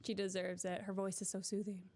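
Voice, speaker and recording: A woman's voice: medium pitch, little pitch movement, a little fast, a little mellow. Chatty giggly young woman. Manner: giggly, chatty, self-amused. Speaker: voice-acting streamer. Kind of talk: casual chat to viewers.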